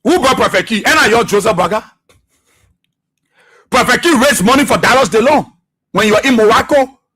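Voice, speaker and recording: A Liberian man on a radio talk show hammers his targets with repeated accusing questions. His voice sits very high and cuts through with a sharp, bright edge, and a husky grain runs under it. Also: animated, a little fast. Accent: Liberian English. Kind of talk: political talk radio commentary. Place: radio studio.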